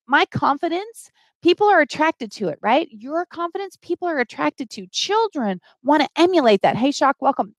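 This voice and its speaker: Middle-aged woman, live stream host, earnest and pleading, fairly high voice, dry close sound. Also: creaky, dry recording. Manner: earnest, pleading, greets viewers by name. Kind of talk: casual live-stream talk to viewers.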